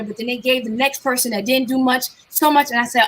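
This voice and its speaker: This is a woman from New Jersey with a high voice, chatting as a guest in a casual interview. She tells her stories with animation and acts out everyone's lines. Her tone rings bright and forceful. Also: quick pace, a little hiss or hum. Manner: animated storyteller acting out quoted voices. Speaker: guest artist.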